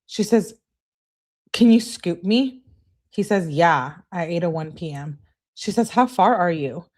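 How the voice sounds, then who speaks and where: Low-voiced woman reading texts aloud. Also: animated, normal speed, darkish tone. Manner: emphatic, exasperated asides. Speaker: true crime channel host. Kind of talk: reading text messages aloud with commentary.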